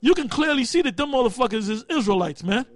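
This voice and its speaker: A man's voice: very high-pitched, expressive, quick pace, dry recording. A man leading a group study in a casual preaching style, talking bluntly with street slang and profanity, often stopping to hunt for a word. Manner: loses words and restarts while thinking aloud.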